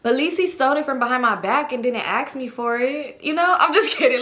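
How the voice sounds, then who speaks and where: A young woman telling a storytime vlog in animated, slangy, profane casual talk. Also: high voice, quick pace, few pauses. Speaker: YouTube storyteller.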